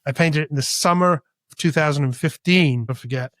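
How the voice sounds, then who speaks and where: Slightly high and a touch fast, this dry-recorded voice belongs to a Britain-born, Spain-raised artist. Guesting in a storytelling interview, he relates his story animatedly, performing the dialogue himself.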